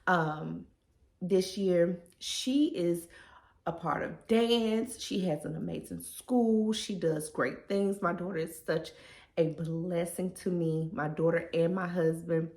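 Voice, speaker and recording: A woman's voice: on the low side, fairly even intonation, slow, a little mellow, roomy sound. A woman, talking casually and emotionally in a personal vlog. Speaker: vlogger.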